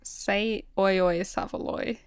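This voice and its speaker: A woman's voice: mid-range voice, fairly even intonation, slow, clean tone, no room sound, studio quality. A woman with a British accent co-hosting a podcast, chatting in an easygoing, teasing way and laughing often. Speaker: podcast co-host. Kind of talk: casual chat.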